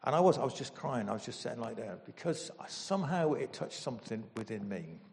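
A man preaching a sermon as pastor, emotional and animated, with sudden loud bursts. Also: mid-range voice, fairly quick, gravelly, in a large hall.

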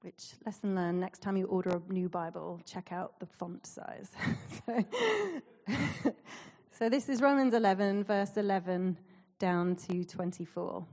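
A woman's voice: lowish voice, a little slow, mellow. A woman in her forties from Canada, a church leader giving a casual, self-deprecating sermon with frequent ums and small laughs. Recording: reverberant hall.

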